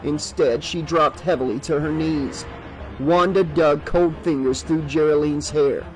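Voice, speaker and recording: Male audiobook narrator, fairly high voice. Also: low-quality recording. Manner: steady, measured reading.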